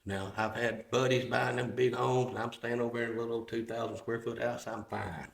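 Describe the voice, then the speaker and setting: A middle-aged man, a podcast guest, telling stories about his car business in a folksy, halting way, often restarting his sentences. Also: mid-range voice, steady tone, gravelly. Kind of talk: casual chat. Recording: roomy echo.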